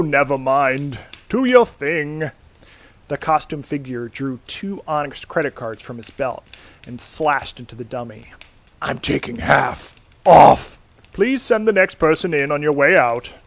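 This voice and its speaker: A man narrating a scripted horror story in a dry, deadpan reading. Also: medium pitch. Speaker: podcast host and reader.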